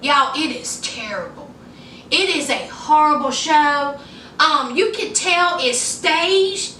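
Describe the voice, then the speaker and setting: A woman recaps a reality show in a sassy, chatty vlog, talking straight to her viewers with plenty of y'all and honey. Her voice sits high and bright. She is recorded from a little way off in an echoey room with faint noise behind her. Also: lively intonation, slow. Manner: acts out quoted people in a higher voice. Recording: echoey room, mic at a distance.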